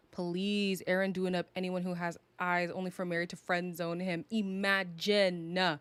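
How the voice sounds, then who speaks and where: A woman's voice: lowish voice, level tone, a little slow, few pauses, clear, resonant tone. A young Canadian woman talks through a reality TV finale on a live stream, teasing and dramatic, with frequent laughs. She takes her time and draws out her words. The sound is dry and close, with no room echo. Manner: laughs often. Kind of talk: casual live review chat.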